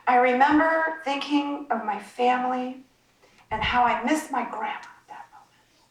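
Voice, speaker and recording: High, lively woman telling a story. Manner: dramatic pauses, laughs through the telling. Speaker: club speaker. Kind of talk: personal storytelling speech. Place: club meeting room. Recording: roomy, distant mic, faint noise.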